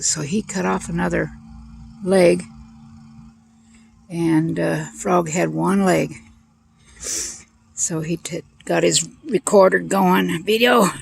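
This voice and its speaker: Slow, gravelly woman telling jokes outdoors. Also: lowish voice, fairly even intonation, slight background noise. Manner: rambling, breaks off to point out the garden. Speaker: joke teller. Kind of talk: casual storytelling. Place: outdoors in a garden by a pond.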